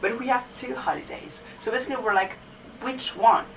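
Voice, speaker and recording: A woman's voice: a little high, expressive, quick pace, vocal fry, fairly bright tone. A young woman, a student, casually telling a story about her teachers, chatty and full of fillers like "you know". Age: young adult. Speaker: student vlogger. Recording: distant mic with faint background noise.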